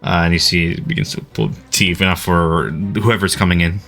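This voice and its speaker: A man narrating as game master of a tabletop game, in a loose, halting way with many fillers. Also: low voice, fairly even intonation, gravelly, fairly bright tone.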